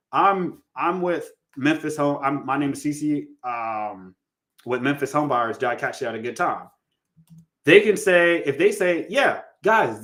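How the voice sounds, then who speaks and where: A man coaching listeners in a relaxed, conversational way, calling them guys and acting out sample phone lines. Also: medium pitch. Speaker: real estate coach. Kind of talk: casual teaching monologue.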